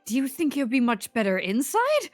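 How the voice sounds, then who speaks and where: A woman playing a tabletop game, speaking hesitantly and quick to apologize. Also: high-pitched, wildly swooping pitch, no room sound, soft background music. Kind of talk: casual play.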